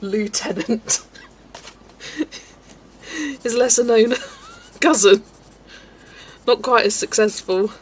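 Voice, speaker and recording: A woman's voice: on the high side, very slow, pauses often, breathy edge, rough recording. A woman, chatting casually on a colouring livestream, laughing often and ranting playfully. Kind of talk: casual live-stream chat while colouring.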